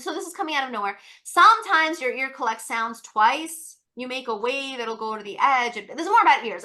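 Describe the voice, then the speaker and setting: A woman tutor leading an online test-prep webinar, coaxing students with encouraging, repetitive questions and quick asides. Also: high voice, bright, forceful tone. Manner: rapid asides, many fillers.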